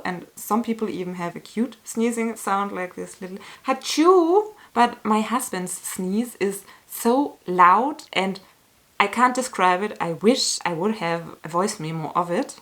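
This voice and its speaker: An earnest, medium-pitched woman vlogs casually to camera as a YouTuber answering a tag. She's candid, sometimes emotional and softly laughing, with slow, searching phrasing and small restarts.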